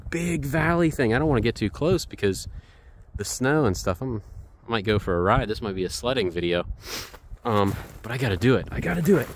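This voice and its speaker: A man vlogging outdoors on a snowy mountain trail, gushing with excitement and repeating himself, filmed on a handheld camera. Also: medium pitch, moderate pace, a little hiss or hum. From United States. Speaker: hiking photography vlogger. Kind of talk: excited vlog narration while hiking.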